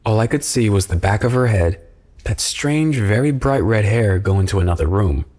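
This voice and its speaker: A man calmly narrating a first-person horror story from a script. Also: on the low side, moderate pace.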